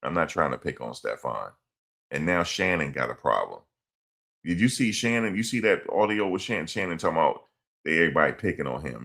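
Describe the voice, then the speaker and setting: A man's voice: extremely low pitch, fairly bright tone. A man streaming, rambling through a story in casual slang and repeating his phrases. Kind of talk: casual livestream commentary.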